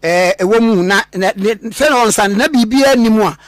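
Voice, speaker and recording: A man's voice: high voice, brisk, no echo, studio quality. A Ghanaian man hosting a radio interview and passing on a listener's question. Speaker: radio host.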